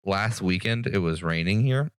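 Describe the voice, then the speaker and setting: A man co-hosting a casual podcast, telling stories with animated, excited bursts. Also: moderate pace, clear, resonant tone, dry recording, studio quality. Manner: animated storyteller, jumps into high excited bursts. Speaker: podcast co-host. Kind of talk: casual chat.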